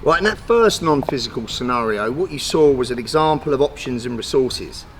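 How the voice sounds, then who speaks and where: A man's voice: medium pitch, animated, brisk, noisy background. A middle-aged man teaching self-defence, blunt and direct, swearing casually as he explains. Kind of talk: instructional talk.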